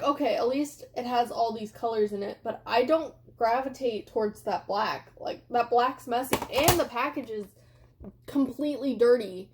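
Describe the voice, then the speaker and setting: A young woman with a slightly high voice talks through a casual makeup review at home. She rambles and chats, dropping filler likes throughout. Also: darkish tone. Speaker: beauty vlogger. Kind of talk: casual product review chat.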